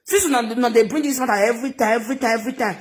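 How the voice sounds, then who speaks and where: Nigerian woman, gossip vlogger, rambling and chatty, quick laughs, phone mic. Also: on the high side. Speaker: social media commentator. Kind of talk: gossip commentary vlog.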